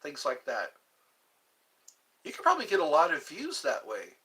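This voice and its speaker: A man's voice: fairly high pitch, wildly swooping pitch, normal speed, pauses often, sharp tone. A man hosting a casual livestream, rambling and chatting directly with his viewers. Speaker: livestream host.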